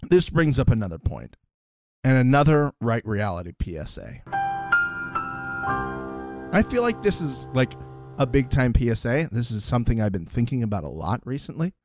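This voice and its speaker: A man's voice: brisk, over music. A man co-hosting a casual reality show recap podcast, acting out other people's lines in mock voices. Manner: animated, swings pitch for mock quotes. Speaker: podcast co-host.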